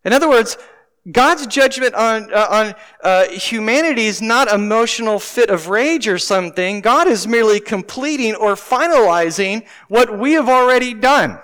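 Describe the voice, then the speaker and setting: High-voiced man preaching in a reverberant hall. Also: expressive, normal speed, a bit bright, clear, resonant tone. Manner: conversational, asks the congregation questions. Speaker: pastor. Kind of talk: sermon. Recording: long reverb of a large hall.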